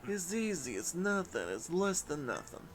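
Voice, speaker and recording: A man's voice: high-pitched, very animated, moderate pace. A man voicing a menacing male mafia boss with a mock New York gangster accent and a drawling tough-guy manner, with faint background noise.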